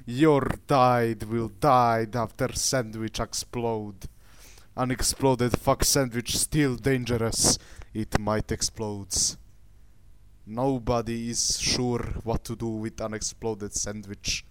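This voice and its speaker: A man's voice: mid-range voice, fairly even intonation, a little hiss or hum, close to an everyday voice. A man putting on a crude Russian-accented ranter. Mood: ranting. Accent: put-on Russian. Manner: slow, crude, in deliberately broken English. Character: ranting man with a mock broken-English accent.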